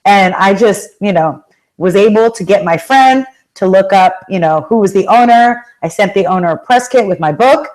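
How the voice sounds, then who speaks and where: A woman giving a motivational talk, telling stories with lively acted-out quotes and direct questions to the audience. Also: medium pitch, low-quality recording. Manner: animated storytelling, acts out quoted voices. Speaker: motivational speaker and life coach.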